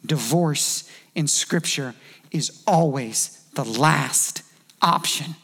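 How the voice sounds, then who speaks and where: A man delivering a sermon in a loose, conversational preaching style. His voice sits high for a man and carries a gravelly roughness. He slips into brief acted-out quotes to make his points. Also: slow pace, a bit bright. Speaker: pastor.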